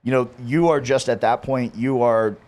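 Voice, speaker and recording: A man's voice: medium pitch, moderate pace, darkish tone. A man in a casual conversation who talks in a rambling, reflective way, often repeating his words.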